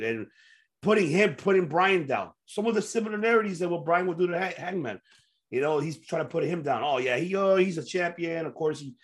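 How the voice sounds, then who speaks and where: Man, fairly high voice, excitable, swears a lot, casual podcast host. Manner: excitable, swears freely, laughs often. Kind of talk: casual wrestling chat.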